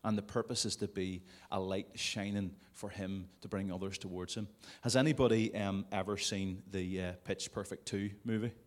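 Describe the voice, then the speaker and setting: A man's voice: sits low, fairly even intonation, moderate pace, few pauses. A man preaching a sermon to a congregation in a conversational way, with jokey asides. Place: church service before a congregation.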